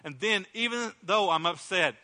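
Impassioned pastor preaching in a reverberant hall. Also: male voice, high voice, normal speed, bright, forceful tone. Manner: impassioned, acts out prayers in a raised voice. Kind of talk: sermon.

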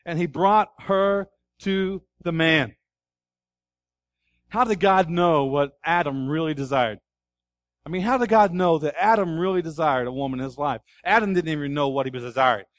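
A man preaching a sermon as pastor, animated, asking the congregation questions and acting out scenes. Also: fairly high pitch, no room sound. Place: church.

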